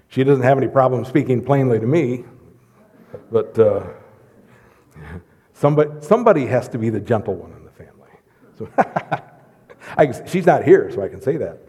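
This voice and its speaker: Animated preacher in a reverberant hall. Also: male voice, mid-range voice, breathy edge. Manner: animated, jokey, swings between loud and hushed. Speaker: pastor. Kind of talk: sermon. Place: church sanctuary.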